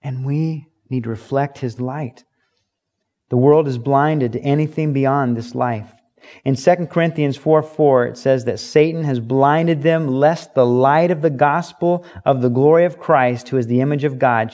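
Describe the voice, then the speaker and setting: Earnest male preacher, mid-pitched voice, emphatic Bible-study sermon delivery. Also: measured pace, darkish tone. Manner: earnest, emphatic, rhetorical questions and acted quotes.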